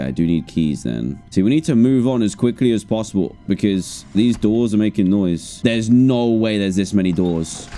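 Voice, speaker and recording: A man's voice: fairly low pitch, dark tone. A man giving jokey, jumpy commentary while playing a horror game live. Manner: jokey, jumpy, talks to himself. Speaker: gaming streamer.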